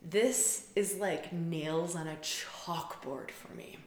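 A woman's voice: fairly low pitch, slow pace, a little hiss or hum. Rambling woman speaking in an echoey room. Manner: rambling, intimate, repeats words for emphasis. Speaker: spiritual facilitator. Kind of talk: casual monologue.

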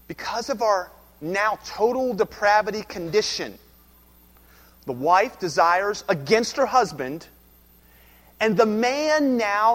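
A man preaching a sermon as a pastor, swinging between loud emphasis and hushed lines. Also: high voice, long reverb tail.

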